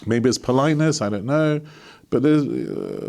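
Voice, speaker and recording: A middle-aged man from London, speaking as an honorary consul in a casual interview, jovial and animated, laughing often. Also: mid-range voice, moderate pace, creaky. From England.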